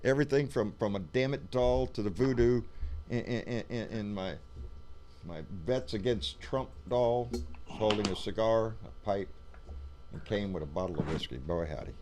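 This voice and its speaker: A man co-hosting a casual political live stream from a room at home, jokey and animated, breaking into loud mock shouts. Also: fairly low pitch, normal speed, crowd noise.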